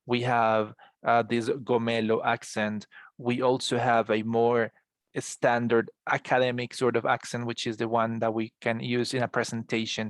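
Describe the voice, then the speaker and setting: A man's voice: medium pitch, fairly bright tone, no echo. A man from Bogota with a Colombian Spanish accent, lecturing an online English class and explaining at length, often calling his students guys. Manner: explanatory, addresses students as guys, frequent restarts. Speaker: English teacher. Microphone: video call.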